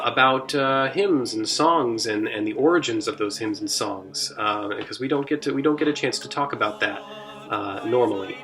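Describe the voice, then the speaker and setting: A man who leads a church's music ministry, explaining hymn history in a casual, halting way full of "uh" and restarts. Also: lowish voice, sharp tone. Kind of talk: informal hymn history talk.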